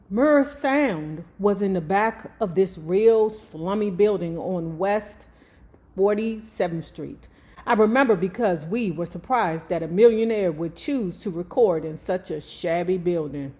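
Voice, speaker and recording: A woman's voice: mid-range voice, darkish tone. A woman reading a memoir aloud to her viewers. She breaks off into chatty, slangy, profane asides. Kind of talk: reading aloud with casual commentary.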